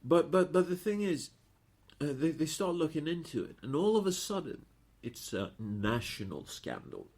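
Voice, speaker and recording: A man's voice: on the high side, normal speed. A man, co-hosting a podcast in casual chat and swearing a lot. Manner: animated, swears a lot, frequent restarts. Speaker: podcast co-host.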